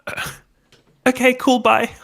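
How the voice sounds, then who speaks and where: A nervous young woman who trips over her own questions, played by a player. She halts, rambles and pads her speech with fillers, at a middle pitch. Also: big pitch swings. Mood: awkward. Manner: halting, rambling, full of fillers. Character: awkward nervous young woman student investigator. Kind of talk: tabletop role-play in character.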